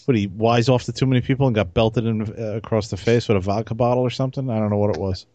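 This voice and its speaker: 一位男性播客联合主持人，随意闲聊，说话轻松，爱开玩笑调侃。. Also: male voice, lowish voice, fairly even intonation, quick pace, mellow, dry recording. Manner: joking, teasing, laid-back. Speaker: podcast co-host. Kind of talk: casual chat.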